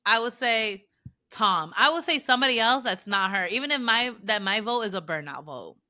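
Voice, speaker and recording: A young woman co-hosting a podcast in easy, excitable chat, her voice bright and forward. The sound is dry and close, with no room around it. She acts out scenes from the shows she talks about. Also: on the high side, normal speed, no room sound. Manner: chatty, excitable, acts out reality-show moments. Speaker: podcast co-host. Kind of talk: casual chat.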